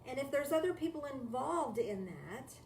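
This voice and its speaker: Woman, spiritual teacher, slightly high voice, reflective talk with rhetorical questions, faint background noise. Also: big pitch swings, normal speed, darkish tone. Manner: reflective, repeats key phrases, asks rhetorical questions. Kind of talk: live-streamed spiritual talk. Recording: echoey room, distant mic, faint noise.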